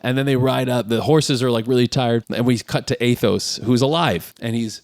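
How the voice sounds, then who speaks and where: A man co-hosting a casual podcast, retelling a film with lots of energy and frequent laughter. His voice sits at a middling pitch. It is recorded dry and close, with no room sound. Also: moderate pace, creaky, darkish tone, no room sound. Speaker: podcast co-host. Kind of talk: casual chat.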